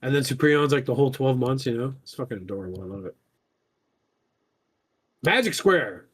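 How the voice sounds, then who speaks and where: A man hosting a podcast, chatting casually, excitable and jokey with lots of swearing. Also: medium pitch, a little fast, slightly rough. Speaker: podcast host. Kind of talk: casual chat.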